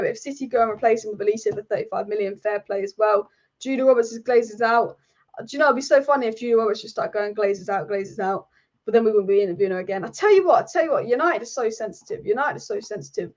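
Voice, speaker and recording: A young woman hosting a casual football live stream, chatty and repeating herself with frequent ums. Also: medium pitch. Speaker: football channel host. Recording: slightly dull lo-fi sound.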